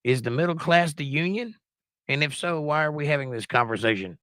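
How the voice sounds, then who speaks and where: A man's voice: fairly high pitch, lively intonation, a little fast, fairly bright tone, no echo. A man with a Southern US accent giving sarcastic, theatrical commentary over news clips. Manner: sarcastic, theatrical announcer bursts. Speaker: guest commentator.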